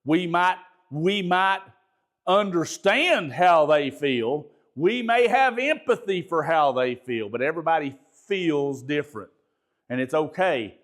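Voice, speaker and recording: A pastor giving a conversational training talk, folksy, repeating words and asking the audience questions. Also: male voice, a little high, lively intonation, unhurried, fairly bright tone.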